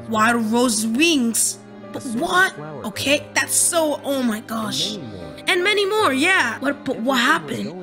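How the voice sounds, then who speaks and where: High, bright excitable young woman. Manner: breathless, repetitive, keeps saying "literally" and "oh my gosh". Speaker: gaming channel host. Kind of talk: excited gameplay commentary.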